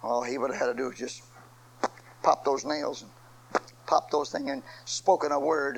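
A man preaching a sermon, swinging from quiet asides to shouted, repeated phrases. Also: mid-range voice, steady tone, moderate pace, creaky, long pauses, poor audio.

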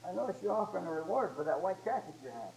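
A man's voice: sits high, very animated, rapid-fire, vocal fry, a little mellow, a little hiss or hum, pitched above the performer's own voice, full character voice, low-quality recording. An old man playing a nosy coworker in a told joke, questioning in disbelief with a rising voice. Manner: incredulous questioning. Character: puzzled coworker, nosy and blunt.

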